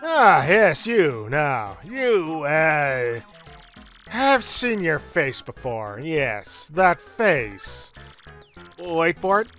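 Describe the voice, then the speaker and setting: A man's voice: on the high side, very animated, drawn-out words, fairly bright tone, faint music behind, full character voice. Guy doing a rambly old professor voice, bookish, kinda southern drawl, bounces around a lot. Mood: doddering. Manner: attempted old man voice, drifting southern. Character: old scholarly male professor, absent-minded.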